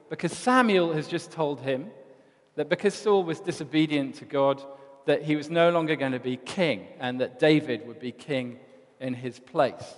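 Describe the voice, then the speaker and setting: A man preaching in a reverberant church, his voice on the higher side as he retells old stories with animated storytelling. The long echo trails after each phrase. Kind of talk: sermon.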